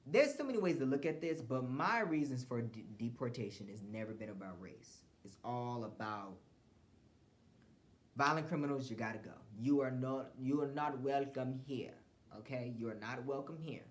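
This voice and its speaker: A man from the United States hosting a solo podcast, giving blunt, profane commentary with frequent restarts. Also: medium pitch. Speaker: podcast host.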